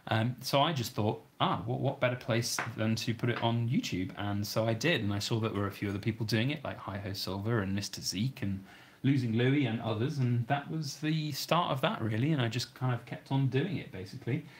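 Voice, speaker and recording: A man's voice: mid-range voice, fairly quick. A man with a British accent hosting a livestream, reading viewer questions aloud and answering in an easygoing, conversational way. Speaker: channel host.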